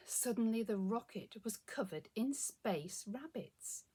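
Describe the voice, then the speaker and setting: A woman reading a children's picture book aloud, expressive and inviting listeners to join in. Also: on the high side, slow, hardly any pauses, husky. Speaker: storyteller.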